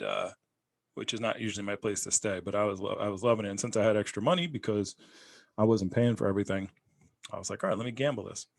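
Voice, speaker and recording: A man hosting a podcast, telling stories in a rambling, animated way during casual chat. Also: fairly low pitch, vocal fry.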